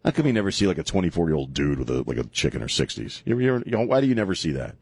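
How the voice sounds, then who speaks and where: A man's voice: sits low, sing-song, racing, gravelly, darkish tone, slightly rough, no echo. A middle-aged man with a Texan accent hosting a radio talk show, rambling and joking with a co-host. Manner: rambling, jokey, laughs often. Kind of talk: casual on-air banter. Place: radio studio.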